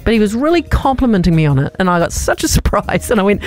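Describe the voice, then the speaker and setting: A woman's voice: mid-range voice, sing-song, fast talker, darkish tone, soft background music. A woman co-hosting a radio show, telling an everyday story in casual banter and laughing often. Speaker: radio co-host.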